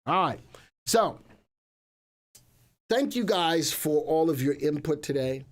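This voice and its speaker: A man's voice: on the high side, animated, takes it slowly. A man hosting a live stock market stream, chatting casually, joking and rambling with asides to his crew.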